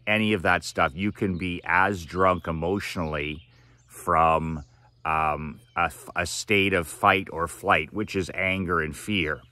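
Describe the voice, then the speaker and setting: Deep, forceful preachy man. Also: no room sound. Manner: emphatic, repetitive and preachy. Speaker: motivational speaker. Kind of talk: direct-to-camera monologue.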